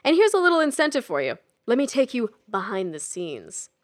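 A woman voicing a brash, smug man who sells kitchen gadgets, talking in a loud, boastful showman pitch. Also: huge pitch swings, brisk.

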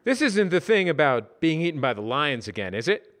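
A man puts on a heavyset office buddy with a raised, lively voice. He is amiable and casual, a little loud, and full of folksy advice. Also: fairly high pitch, fairly quick, pitched above the performer's own voice. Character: chatty, easygoing heavyset male coworker.

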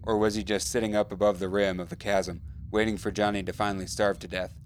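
A man reading a story aloud in a measured, somber way. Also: lowish voice, level tone, slight background noise. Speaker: narrator. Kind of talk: audiobook narration.

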